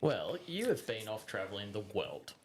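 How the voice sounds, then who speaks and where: A man's voice: lowish voice, sing-song, moderate pace, a little hiss or hum. A man co-hosting a casual podcast chat over beers, cracking dry jokes. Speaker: podcast co-host.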